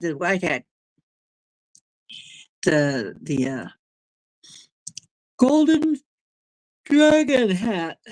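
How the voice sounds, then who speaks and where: Low slow-talking woman, rambling chat. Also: a little mellow, dry recording, poor audio. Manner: rambling, drifting, reacting to chat comments. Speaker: livestream host reading chat. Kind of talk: casual livestream chat.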